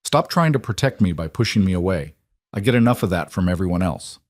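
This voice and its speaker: A man's voice: low voice, lively intonation, a little fast, no echo, studio quality. A man voicing the written notes of a mute giant ex-soldier cowboy, blunt and plainspoken. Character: silent stubborn giant ex-soldier cowboy, notes read aloud.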